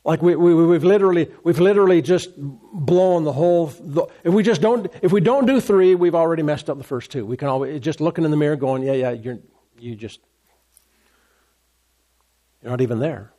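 A man preaching a sermon as a pastor, animated, acting out complaining voices along the way. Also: on the high side, normal speed.

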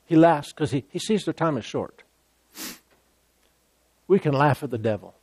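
A man preaching a sermon, emphatic and repetitive, stumbling over repeated words and breaking into laughter and loud exclamations. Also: mid-range voice, measured pace, long pauses, husky, no room sound.

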